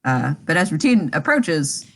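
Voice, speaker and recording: Woman game master, slow and giggly, lively pitch, lowish voice. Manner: giggly, chatty, laughs often. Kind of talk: narrating a tabletop game.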